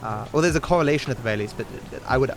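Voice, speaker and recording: A man's voice: medium pitch, racing, vocal fry, a little hiss or hum. A young Australian man livestreaming a speedrun, talking casually in a rambling, opinionated way full of fillers and restarts. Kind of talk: casual stream chat while gaming. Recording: home mic with game music and gunfire behind. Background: game music and gunfire.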